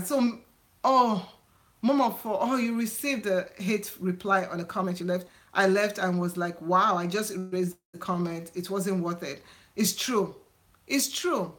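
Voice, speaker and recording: A middle-aged woman hosting a casual live chat on her channel, chatty and warm-hearted, laughing often. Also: mid-range voice. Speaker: YouTube channel host.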